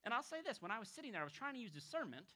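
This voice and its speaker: A man who is a pastor, preaching a conversational expository sermon to a congregation, moving between emphatic raised points and soft, hushed passages. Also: very high voice, sing-song, rapid-fire. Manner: storytelling, acting out quoted people.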